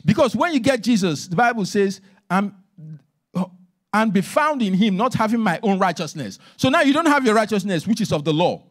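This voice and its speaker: A man preaches a sermon in a church, his voice set high and leaping across a wide, animated range. He drives points home emphatically, then sinks into hushed asides. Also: normal speed. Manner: emphatic preaching, swings between loud and hushed. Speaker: minister.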